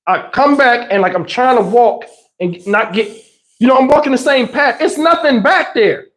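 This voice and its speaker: A man's voice: very high voice, moderate pace. A man hosting a livestream, telling a childhood story in casual slangy talk and acting out the voices, on a lapel mic. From New Jersey. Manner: animated, slangy, acts out voices. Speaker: host. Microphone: wireless lapel.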